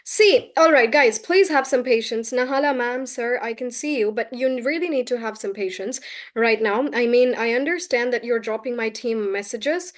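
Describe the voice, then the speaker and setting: A woman with a fairly high voice leads a live online English class over a video call. She speaks firmly and corrects her student directly. She walks through each point with simple examples. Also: normal speed. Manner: firm, corrective, explains with examples. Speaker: English accent teacher.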